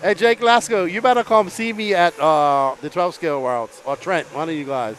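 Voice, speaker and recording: A man calling a live RC car race as announcer, excitable and often laughing between calls. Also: a little high, normal speed, slight background noise.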